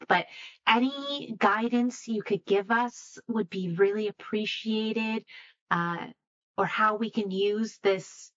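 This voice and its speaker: A woman playing a charming adventurer who flatters and speaks in a sweet, ingratiating way. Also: medium pitch, highs cut off.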